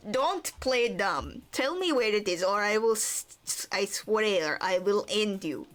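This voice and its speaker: A woman playing a gruff, hot-tempered treasure hoarder. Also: medium pitch, animated, unhurried, lightly acted. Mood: menacing. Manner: threatening, blustery, with a half-tried tough-guy accent.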